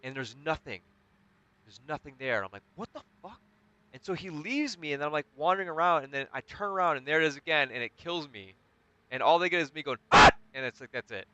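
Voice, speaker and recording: A man hosting a casual chat while building in a game, telling animated stories and swearing now and then. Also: fairly high pitch, fast talker, dull audio, a little hiss or hum. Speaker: host.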